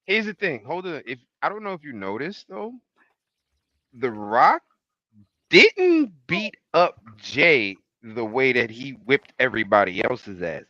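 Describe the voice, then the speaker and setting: A man's voice: medium pitch, unhurried, dry recording, dull audio. A man chatting casually on a podcast, acting out quotes in funny voices. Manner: animated, acts out quotes in voices.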